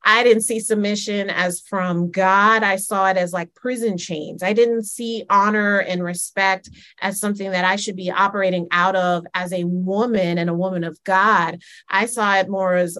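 A woman's voice: mid-range voice, fairly bright tone. A woman, emphatic and repetitive, calling listeners "honey" and "child". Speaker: church speaker. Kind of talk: personal testimony sermon.

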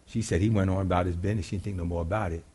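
An older man preaching a sermon in a church, telling a folksy story with animated delivery and frequent laughter. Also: deep voice, rapid-fire, breathy edge.

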